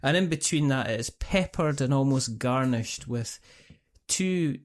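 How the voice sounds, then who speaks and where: A man's voice: mid-range voice, animated, measured pace. Scottish guy in his middle years chatting on a podcast, rambly, keeps restarting his sentences. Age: middle-aged. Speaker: podcast host. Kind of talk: casual chat.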